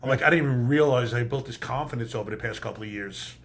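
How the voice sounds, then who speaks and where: A man hosting a podcast, chatting casually and telling his own stories with acted-out quotes. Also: medium pitch. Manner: quick, animated storyteller acting out quotes. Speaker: podcast host. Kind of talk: casual conversation.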